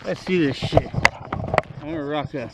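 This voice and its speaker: Strolling through ancient ruins outdoors, this young man from Canada films a casual vlog full of brash, rambling, foul-mouthed chatter. He speaks at a moderate pace in a slightly high voice, with background noise.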